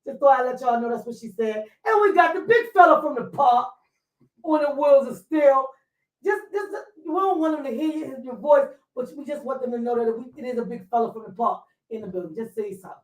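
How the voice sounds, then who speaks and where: Lively slangy woman host, roomy far-off sound. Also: sits high, brisk. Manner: lively, slangy, talks straight to listeners. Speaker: podcast host. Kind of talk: casual talk show chat.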